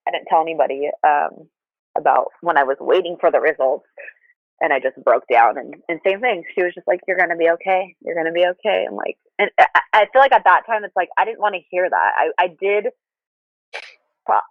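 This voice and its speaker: A woman's voice: sits low, brisk, no room sound. A woman guest telling her story candidly, rambling with frequent restarts. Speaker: podcast guest. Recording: tinny phone line, dry.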